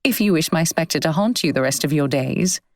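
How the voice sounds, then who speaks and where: A woman's voice: low voice, a little fast, no echo. A woman voicing a spirited, witty young woman. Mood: arch. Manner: lively, arch retorts. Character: spirited young woman, quick-witted and bold.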